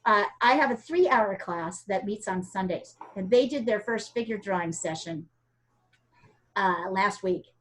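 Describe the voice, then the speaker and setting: A woman's voice: medium pitch, measured pace, a bit bright. A woman from the United States teaching an art class over a video call, chatty and encouraging, with frequent fillers.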